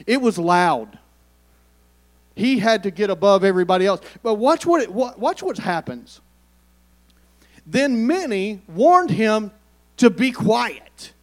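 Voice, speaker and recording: A man preaches to his congregation in a high voice. He keeps it conversational and calls on the listeners to answer him back. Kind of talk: sermon.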